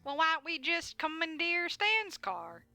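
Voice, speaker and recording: Woman doing a slow goofy deputy, high pitch, bright tone. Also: sing-song, creaky, exaggerated voice. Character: loud, dim, sweet deputy man.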